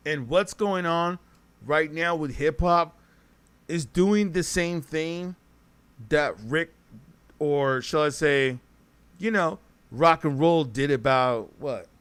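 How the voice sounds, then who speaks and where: A man's voice: a little high, slow pace, long pauses, a bit bright, smooth. A man hosting a casual livestream podcast, talking straight to his chat in a rambling, self-correcting way. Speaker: podcast host reading live chat.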